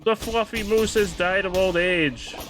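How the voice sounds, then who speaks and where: Male streamer, casual gaming chat; slightly high, bright voice, swears freely, faint game music underneath. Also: a little slow. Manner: excitable, swears freely, chats with viewers. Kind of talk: casual livestream commentary while gaming.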